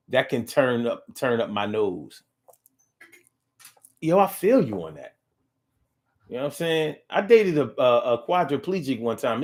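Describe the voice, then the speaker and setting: A middle-aged man hosts a casual live talk show and reads viewer comments aloud. His delivery is animated and playful, swinging between low drawls and loud bursts.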